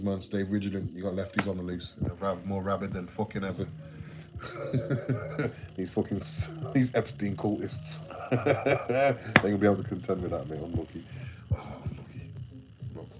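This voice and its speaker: Very deep-voiced man, sleepy streamer. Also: noisy background. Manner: rambling, heavy swearing, laid-back slang. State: sleepy, yawning. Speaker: livestreamer. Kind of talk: late-night livestream chat.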